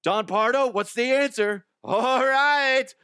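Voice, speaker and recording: A man putting on a loud game-show announcer voice, calling out a quiz segment. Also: very high voice, slow pace, a little hiss or hum, voice pushed up, full character voice. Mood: announcing. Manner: loud, emphatic announcer delivery.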